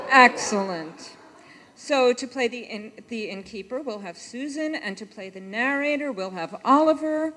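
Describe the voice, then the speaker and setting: A woman leading a live church pageant, chatty and warm in tone, often losing her place and correcting herself. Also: a little high, expressive, moderate pace, slight background noise. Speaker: worship leader directing a pageant. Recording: echoey church sanctuary.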